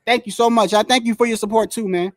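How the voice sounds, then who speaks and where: A livestream host giving live, excitable commentary while watching a fight, often exclaiming, swearing freely, and talking straight to the fighters and referee. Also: mid-range voice, fast talker. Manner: reads viewer messages aloud.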